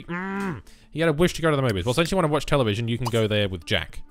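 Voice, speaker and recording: A young man giving casual let's play commentary, muttering through menu choices with sudden loud bursts of excitement. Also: mid-range voice, fast. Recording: noisy background with game rain.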